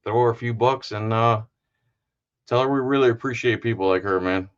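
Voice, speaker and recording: A man's voice: medium pitch, brisk, clear, resonant tone, highs cut off. A man hosting a live stream, rambling and cracking jokes as he signs off. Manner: rambling and joking, many fillers. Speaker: livestream host. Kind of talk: casual live-stream sign-off.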